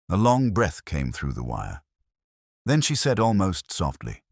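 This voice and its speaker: A man's voice: very deep voice, sing-song, measured pace, slightly rough, no echo, clean studio sound. A man narrating a mystery audiobook in the first person, wry and conversational.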